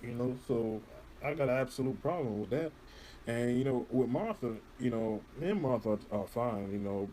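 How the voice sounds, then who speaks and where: A man's voice: mid-range voice, expressive, moderate pace, mellow, slight background noise. A man in casual interview chat, rambling and profane, filling his talk with "you know". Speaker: podcast guest.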